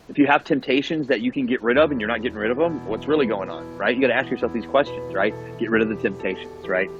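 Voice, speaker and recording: A man, a podcast guest, telling his recovery story in an earnest, animated way, often checking in with the listener and restarting words. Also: mid-range voice, dull audio. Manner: earnest, animated, keeps checking in with "right?" and "you know what I mean?"; repeats and restarts words when going fast. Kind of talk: casual conversational storytelling.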